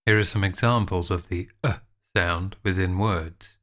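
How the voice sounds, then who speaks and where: A man giving a scripted pronunciation tutorial, sounding out words slowly and carefully. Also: sits low, fairly bright tone. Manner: slow, careful, drawn-out enunciation. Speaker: instructor.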